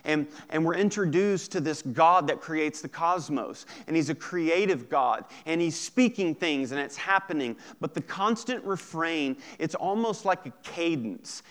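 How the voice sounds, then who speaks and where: A man preaching a sermon, swinging between loud bursts and quiet, intense passages, with casual asides to the congregation. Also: fairly high pitch, animated, unhurried, few pauses. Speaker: pastor.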